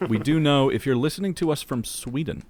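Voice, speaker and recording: A man's voice: fairly high pitch, lively intonation, moderate pace, a little mellow. A young man co-hosting a podcast, reading a long joke aloud in casual chat, laughing as he goes and swearing casually. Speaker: podcast co-host.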